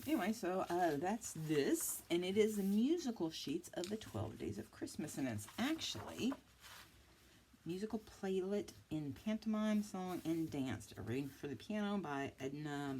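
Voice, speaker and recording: A woman's voice: on the low side, very animated, unhurried, darkish tone, a little hiss or hum. A woman in her fifties chatting casually through a craft haul, self-mocking and prone to giggly asides. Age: 50s. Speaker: craft vlogger.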